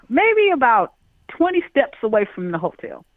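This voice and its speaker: A man's voice: very high voice, unhurried, no echo. A man in his forties from Chicago, telling a story on a call-in chat and acting out the voices in it. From Chicago, USA. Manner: animated, acts out quoted voices. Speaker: guest. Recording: tinny phone line, dry.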